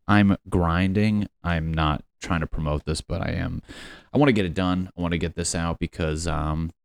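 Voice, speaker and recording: A man with a deep, low voice rambles through a profane, mocking rant on his own show. The sound is dry and close, with almost no room around it. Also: steady tone, unhurried, gravelly, clear, resonant tone, no room sound. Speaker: podcast host. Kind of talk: casual comedic rant.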